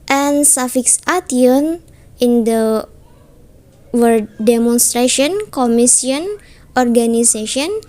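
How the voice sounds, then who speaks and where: A young woman from Indonesia, reading a student class presentation carefully, with halting self-corrections. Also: on the high side, a little mellow. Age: young adult.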